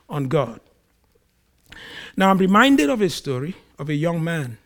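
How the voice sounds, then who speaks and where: A man preaching a sermon, acting out quoted speech with big swings in volume and pitch. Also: big pitch swings, a little slow, long pauses, fairly bright tone. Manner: acts out quoted speech in a raised voice. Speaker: pastor.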